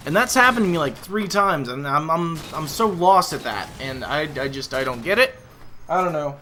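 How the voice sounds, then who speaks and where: A man's voice: a little high, animated, normal speed, noisy background. A man, a voice actor, talking casually in a vlog commentary, rambling with lots of fillers and frank complaints.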